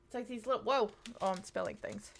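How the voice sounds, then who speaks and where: A woman's voice: mid-range voice, a little fast, creaky, a little hiss or hum. A woman in her thirties chatting casually to her live-stream audience, rambling with plenty of fillers. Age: 30s.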